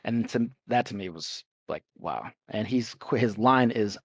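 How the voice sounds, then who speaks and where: A man's voice: on the low side, a little slow, husky, no room sound. A young adult man co-hosting a casual podcast chat, talking with rambling enthusiasm and casual swearing. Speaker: podcast co-host.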